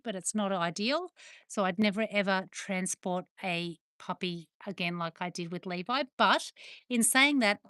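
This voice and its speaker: A woman's voice: medium pitch, a bit bright, dry recording. Woman, Australian accent, middle-aged, chatty, affectionate, dry close sound. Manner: chatty, affectionate, cooing at her dogs. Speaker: livestream host. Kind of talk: casual chat with viewers. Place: home with dogs, indoors.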